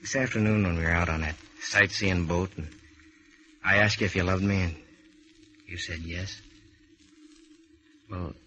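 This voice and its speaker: An actor playing an eager, lovesick young sailor, earnest and pleading in 1930s radio drama style. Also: male voice, low voice, fairly even intonation, measured pace, long pauses, sharp tone. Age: young adult. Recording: scratchy dull old radio transcription.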